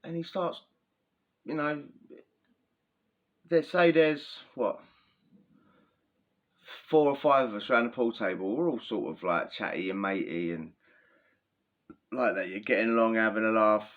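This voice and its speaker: A man's voice: lowish voice, a little slow, long pauses. Slangy man telling stories, dull audio. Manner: chatty and animated, heavy slang, laughs while telling. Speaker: former prisoner telling prison stories. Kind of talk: casual storytelling to camera.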